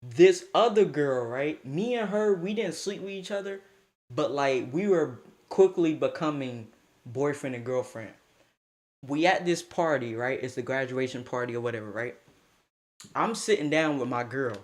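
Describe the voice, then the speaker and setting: A young man telling a casual storytime tale in a lively, slangy way, laughing as he goes. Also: mid-range voice, moderate pace.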